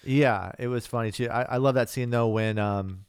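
Male podcast co-host, smooth resonant tone, laid-back and profane. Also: medium pitch, moderate pace, dry recording, clean studio sound. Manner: laid-back, swearing, trails off mid-thought. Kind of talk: casual chat.

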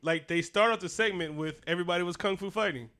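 Smooth-voiced man telling stories with profane humor. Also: sits high, fast talker, bright, forceful tone. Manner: profane, laughing storyteller. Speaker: podcast co-host. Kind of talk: casual chat.

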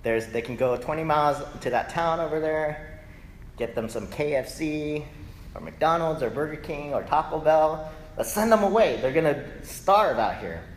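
A male pastor preaching a lively, conversational sermon that keeps checking in with the congregation. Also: fairly high pitch, normal speed. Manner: animated, conversational, often asks "right?". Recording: echoey hall, faint noise.

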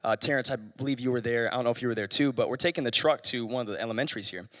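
A man with an ordinary mid-pitched voice hosts a casual church chat. He tells stories and encourages the others. The space behind him has a long, ringing reverb. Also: very fast, a bit bright.

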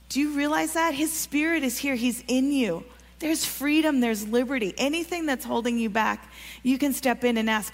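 A woman delivers a sermon in an earnest, encouraging tone, her voice sitting a little high. She keeps turning to the congregation with questions. The sound carries the long reverb of a large church hall. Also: normal speed. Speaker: preacher. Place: church sanctuary.

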